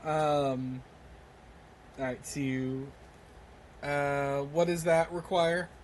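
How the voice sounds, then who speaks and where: A man running a tabletop game as game master, halting with many ums and uhs and often laughing. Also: a little high, level tone, a little hiss or hum.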